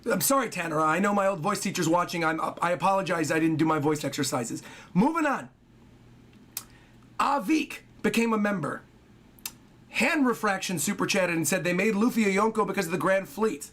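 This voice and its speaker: A man with a high, hoarse voice that sounds worn out from talking. He rambles excitably through a casual livestream, reading donations and breaking off to talk to his dog. It has the loose feel of someone chatting at home. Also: brisk.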